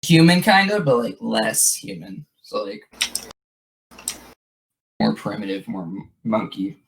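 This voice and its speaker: A man's voice: fairly low pitch, big pitch swings, slow, vocal fry, a little hiss or hum, rough recording. A man hosting a podcast, telling a story in a rambling casual way with many fillers and restarts. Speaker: podcast host.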